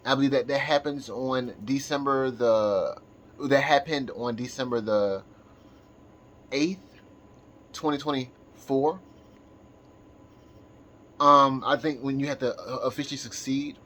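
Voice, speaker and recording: A man of middle pitch rambling on for his channel, halting and circling back through half-finished thoughts. He sounds tired, and his delivery stays loose and unscripted. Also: a bit bright. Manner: halting, full of restarts and fillers. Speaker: channel host. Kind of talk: casual rambling monologue.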